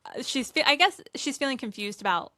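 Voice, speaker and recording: A young woman cohosting a podcast in casual chat, animated and retelling scenes with quoted voices. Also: high voice, fairly quick, no room sound, clean studio sound.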